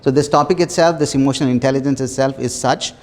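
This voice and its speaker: A man leading a small self-development workshop, talking earnestly with repeated phrases and soft laughs. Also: mid-range voice, fairly even intonation, quick pace. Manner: earnest, repetitive, laughs softly between phrases. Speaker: workshop facilitator. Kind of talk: motivational workshop talk.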